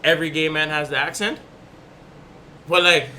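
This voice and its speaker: A young man hosts a casual podcast with a very bright, fairly high voice. He jokes and rambles, restarting his thoughts as he goes. A faint hiss of noise sits behind him. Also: fairly even intonation, normal speed. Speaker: podcast host. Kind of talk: casual chat.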